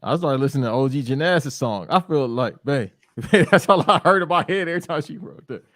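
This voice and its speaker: A man's voice: on the high side, expressive, brisk, fairly bright tone, dry recording. A man co-hosting a podcast, making joking, exaggerated complaints and swearing casually. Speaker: podcast co-host.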